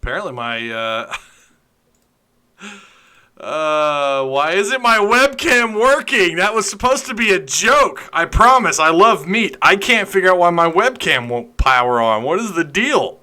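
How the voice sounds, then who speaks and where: Bright-voiced podcast host. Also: male voice, high voice, lively intonation, unhurried. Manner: joking, chatty, flustered by tech trouble. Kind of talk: casual livestream chat.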